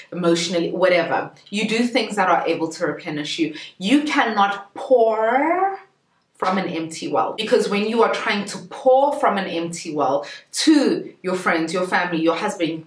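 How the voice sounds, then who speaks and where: A woman's voice: fairly low pitch, recorded from a distance. A woman from South Africa giving an earnest, emphatic motivational talk, repeating her points for stress, recorded in an echoey room away from the mic. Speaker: lifestyle YouTuber.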